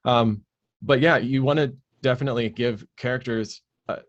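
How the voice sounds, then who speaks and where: A man who narrates audiobooks speaks as a guest in a relaxed interview, explaining his craft at length with fillers and restarts. His voice is mid-range at a moderate pace.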